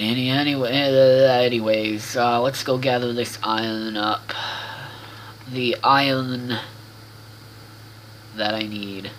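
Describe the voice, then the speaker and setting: A man's voice: medium pitch, fairly bright tone, a little hiss or hum, rough recording. A man hosting a casual let's-play video, rambling to himself with restarts and the odd swear word as he plays. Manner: rambling self-talk with frequent restarts and swearing. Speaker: gaming video host.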